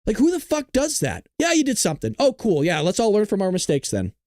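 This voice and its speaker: A man's voice: high voice, huge pitch swings, brisk, warm tone, no echo, clean studio sound. A male show host ranting to his live-stream viewers, frustrated and full of profanity, talking straight to his audience.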